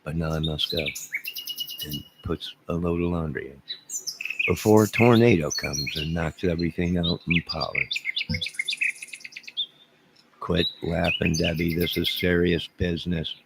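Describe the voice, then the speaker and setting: A middle-aged man on a live stream answers his chat with rambling jokes in a low voice with vocal fry, fairly even intonation, and a normal speed. Birds chirp loudly, and background noise is heavy.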